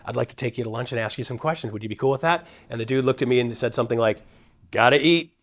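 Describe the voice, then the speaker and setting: A lively man telling his own story. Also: medium pitch, racing. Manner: energetic, acts out quoted dialogue with shifting voices. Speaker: guest speaker at a real estate event. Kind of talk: personal storytelling talk.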